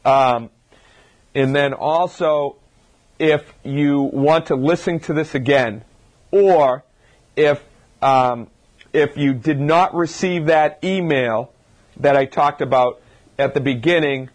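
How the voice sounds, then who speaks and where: Slow and punctuated by long pauses, a somewhat high-pitched man, a chiropractor, lectures informally on health before a live audience. He asks rhetorical questions and restarts his sentences frequently.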